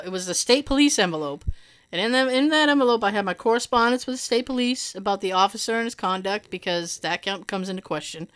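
A woman telling a long personal story in casual chat, animated, swearing and laughing often. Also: a little high.

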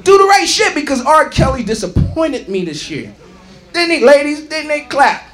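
Brash high-voiced man doing stand-up. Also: big pitch swings, moderate pace. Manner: brash, profane, shouting, mimicking singers. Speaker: stand-up comedian. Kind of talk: stand-up comedy set. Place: comedy club stage. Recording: live club recording with crowd. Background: audience laughing and clapping.

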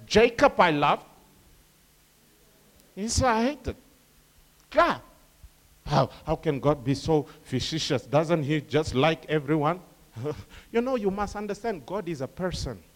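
Male preacher, lively sermon, fairly high voice, acts out voices. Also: unhurried, long pauses. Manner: animated, acts out quoted voices, laughs with the crowd.

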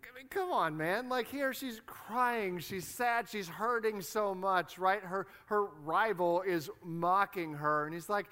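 A man's voice: sits high, measured pace, pushed and bright. Conversational Midwestern preacher, man. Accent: Midwestern American. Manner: conversational, playful asides. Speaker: pastor. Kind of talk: sermon.

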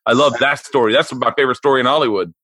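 A man's voice: mid-range voice, very fast, fairly bright tone, no room sound. A man hosting a podcast, chatting bluntly and enthusiastically, with plenty of swearing. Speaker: podcast host. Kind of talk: casual interview chat.

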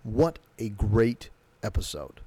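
A man's voice: lowish voice, sing-song, slow pace, warm tone, slightly rough, no echo. A man giving a casual, enthusiastic recap of a TV episode, loosely retelling scenes. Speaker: show recap host.

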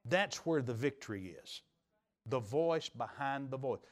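Preaching pastor swinging loud to hushed. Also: male voice, mid-range voice, lively intonation, a little slow. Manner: dynamic preaching, rising emphatic peaks and dropping to quiet asides. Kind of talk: sermon. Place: church sanctuary.

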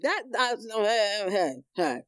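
A woman's voice: medium pitch, lively intonation, slow, smooth, no echo. A woman co-hosting a podcast, talking bluntly and casually and swearing freely. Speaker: podcast co-host. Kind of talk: casual chat.

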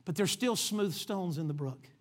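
A preacher telling a Bible story in an animated sermon, acting out the characters and calling for amens. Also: male voice, sits high, moderate pace. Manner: calls for amens from the congregation.

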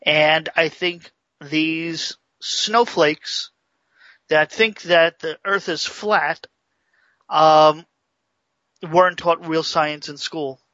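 A man with a raised, bright, forceful voice co-hosts a radio talk show and speaks bluntly and with strong opinions. His sound is dull and muffled, and dry, without room echo. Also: on the high side, fairly even intonation, drawn-out words. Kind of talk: casual radio chat.

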